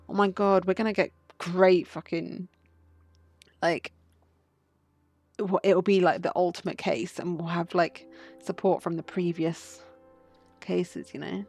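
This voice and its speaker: A woman streaming a game, chatting excitedly and playfully into a desk mic. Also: lowish voice, measured pace, long pauses, soft background music. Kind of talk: casual game commentary.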